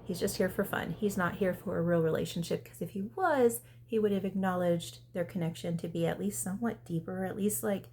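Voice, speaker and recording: A woman giving a casual, chatty recap of a reality show episode, talking fast and peppering her speech with "like". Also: on the low side. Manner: chatty, animated, heavy use of "like". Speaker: reality TV reviewer.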